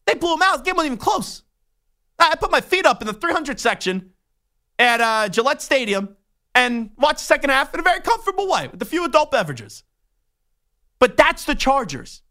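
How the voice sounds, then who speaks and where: A man hosting a sports talk radio show from a studio, telling animated, rambling stories. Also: very high-pitched, a little fast. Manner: animated storytelling with rambling restarts.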